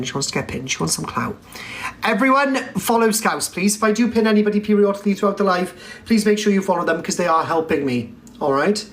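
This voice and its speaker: A man's voice: high voice, fairly bright tone. A man hosting a casual live stream, chatty and cheeky, calling his viewers darling. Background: music.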